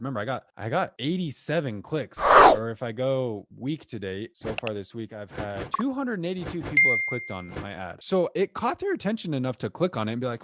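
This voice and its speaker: A man's voice: mid-range voice, no room sound, clean studio sound. A man from the United States coaching students on a live group call, casual and chatty, full of "like" and "right?". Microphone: video call.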